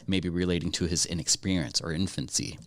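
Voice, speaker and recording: A man's voice: low-pitched, a little fast, no room sound. A man co-hosting a casual movie-review podcast, rambling and laughing often as he talks. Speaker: podcast co-host.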